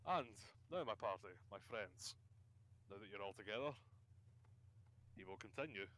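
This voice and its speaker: A man's voice: lowish voice, lively intonation, normal speed, a bit bright, slight background noise. A man doing a grizzled one-eyed old boss. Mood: persuasive.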